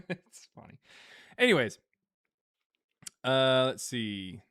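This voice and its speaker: A man's voice: mid-range voice, very animated, slow pace, a bit bright, smooth. Rambling, chuckling live-stream host man. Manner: rambling, with many fillers and frequent chuckles. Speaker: live stream host reading viewer donations. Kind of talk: casual live-stream chat.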